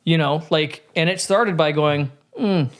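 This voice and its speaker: A man's voice: a little high, steady tone, unhurried, a bit bright. A man in casual podcast conversation, telling a candid story with frequent swearing and many restarts.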